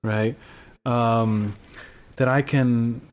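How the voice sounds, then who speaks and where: A man hosts a podcast, talking in a hesitant way and working out his question as he goes. His voice sits at an average pitch. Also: steady tone, very slow, long reverb tail. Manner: hesitant, thinking aloud with restarts. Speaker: podcast host. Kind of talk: podcast conversation.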